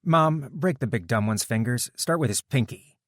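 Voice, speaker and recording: A man's voice: mid-range voice, animated, moderate pace, a bit bright, no room sound, clean studio sound, pitched above the performer's own voice, close to an everyday voice. A man voicing a determined young man who interrogates captors coldly in an audiobook. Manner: cold, commanding, relentless. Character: determined young man hunting kidnapped fiancée.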